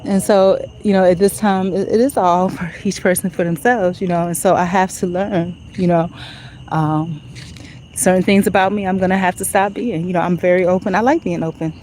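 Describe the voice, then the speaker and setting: A woman's voice: lowish voice, fairly even intonation, moderate pace, darkish tone, slight background noise, rough recording. A woman talking to her phone while walking outdoors at night, in a reflective, conversational way full of "you know". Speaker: vlogger. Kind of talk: casual walk-and-talk monologue.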